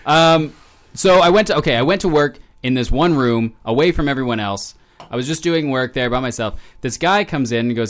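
A man's voice: medium pitch, normal speed. A man co-hosting a campus radio show in casual chat, telling stories in a dry, wry way. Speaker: radio co-host.

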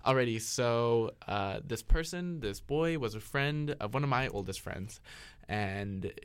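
A man's voice: mid-range voice, lively intonation, unhurried, clean tone, dry recording. A young man co-hosting a candid chat, gushing and giggling as he tells a story. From Canada. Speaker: podcast co-host.

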